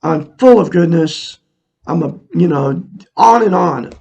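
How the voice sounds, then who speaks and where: A man's voice: a little high, expressive, a little slow, creaky, a little mellow, slightly rough. A man in his sixties earnestly talking to viewers in a casual, repetitive, preachy monologue. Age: 60s. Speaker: self-help vlogger. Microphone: camera mic, looking into a mirror.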